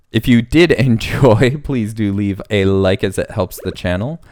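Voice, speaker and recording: Low-voiced man rambling over game music. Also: a little mellow. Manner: rambling, thinks aloud with restarts. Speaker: gaming channel host. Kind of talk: casual let's play commentary.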